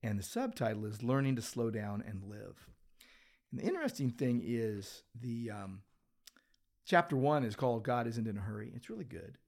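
A pastor co-hosts a church podcast from a book-lined office, his mid-range voice very animated, creaky, and a little mellow at normal speed. He chats in a loose, rambling way, restarting often and using plenty of filler.

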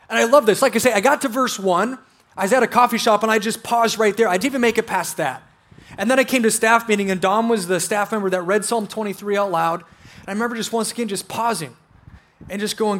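High-pitched guy preaching, earnest and reflective, slows way down on the bible verses. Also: fairly bright tone. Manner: earnest and reflective, slowing to linger on scripture. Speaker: pastor. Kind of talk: sermon.

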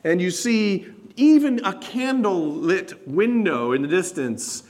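Guy preaching a sermon, takes his time, kinda high voice, hammers the point home. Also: expressive, slow pace. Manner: emphatic preaching, building to loud repeated stresses; addresses congregation directly, asks rhetorical questions. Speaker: pastor.

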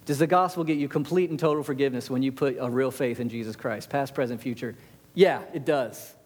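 A man preaching a sermon, animated, asking the congregation rhetorical questions and answering them. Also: mid-range voice, fairly quick, in a large hall.

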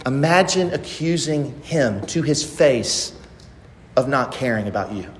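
A man's voice: mid-range voice, animated, measured pace, a little hiss or hum. A male pastor preaching a sermon, emphatic and full of rhetorical questions. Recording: long hall reverb.

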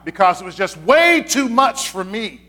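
A man's voice: sits high, very animated, moderate pace, pushed and bright. A man, a pastor, giving a conversational sermon, repeating his key points with frequent fillers.

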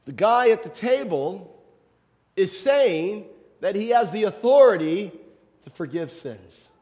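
A man's voice: high voice, lively intonation, slow pace, a little mellow, in a large hall. A man, a pastor, preaching a sermon in a conversational way, with rhetorical questions and light humor.

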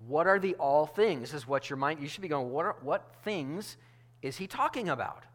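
A man's voice: fairly high pitch, expressive, normal speed, a bit bright. A male pastor delivering a sermon in a conversational, emphatic way, often restarting his phrases.

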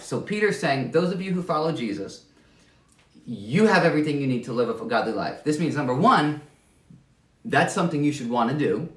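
A man's voice: fairly high pitch, lively intonation, brisk, echoey room, distant mic. A man preaching a sermon as pastor, conversational and self-deprecating, often restarting and stammering over his words.

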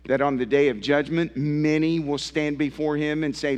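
Pastor, male, high voice, passionate pulpit delivery, long church reverb. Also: steady tone, moderate pace. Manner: impassioned preaching with rising and falling emphasis. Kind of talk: sermon. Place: church sanctuary.

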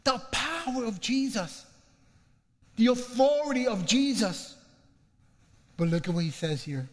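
Fervent high-voiced preacher in a reverberant hall. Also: male voice, animated. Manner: fervent, slows and swells on scripture lines. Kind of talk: sermon.

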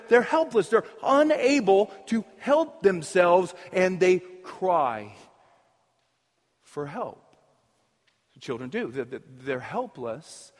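A male pastor preaching a sermon, emphatic and repetitive, often dropping to a hush for key points. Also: high voice. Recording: long hall reverb.

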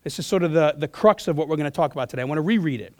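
A man preaching a sermon in a church as pastor, his voice hoarse from losing it, earnest, often restarting and clearing his throat. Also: on the high side, animated, racing, darkish tone, no room sound, studio quality.

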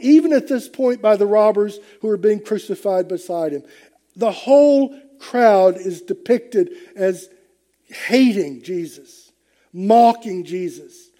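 A man's voice: sits high, mellow. A man preaching a sermon to his congregation, emphatic, swelling and dropping with the message. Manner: emphatic, rising and falling with the message. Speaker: pastor.

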